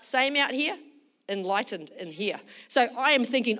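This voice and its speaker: A woman pastor preaching a sermon, telling a story with lively acted quotes and leading a fervent prayer. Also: high-pitched, moderate pace.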